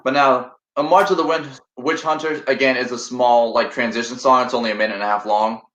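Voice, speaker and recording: A man of middle pitch hosting a livestream, talking calmly and explaining. The audio is dull and echoey, as if from a bare room. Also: fairly quick. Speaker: livestream host. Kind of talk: casual livestream chat.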